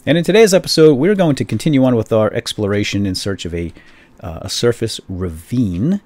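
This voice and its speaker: A man's voice: medium pitch, expressive, fairly quick, a little mellow, no echo. A man hosting a casual game tutorial, chatty and laughing at his own jokes, with frequent ums and uhs. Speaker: tutorial host.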